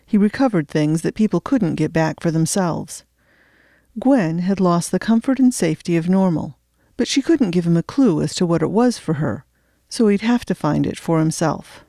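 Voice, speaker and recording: A woman narrating an audiobook in a steady, measured storytelling voice. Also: on the low side, no echo, clean studio sound.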